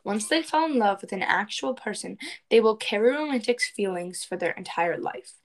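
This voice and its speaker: Woman podcast co-host, middle-pitched, casual chat and reading aloud over a remote call. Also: animated, normal speed, rough recording. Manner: chatty, reads astrology text aloud. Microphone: remote call recording.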